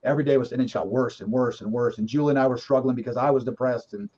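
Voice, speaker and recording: A middle-aged man, a guest in a casual conversation, tells his story candidly and emphatically, swearing now and then. His mid-range voice is dark and steady, and he talks fast, in a dull lo-fi recording.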